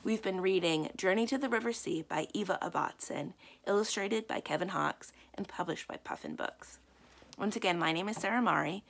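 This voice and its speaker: A librarian reads a children's novel aloud in an easy storytelling manner. Her voice sits low with a gravelly fry, and she lifts it for the characters' lines. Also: normal speed. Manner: gentle storytelling, lifting her voice for dialogue. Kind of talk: children's book read-aloud.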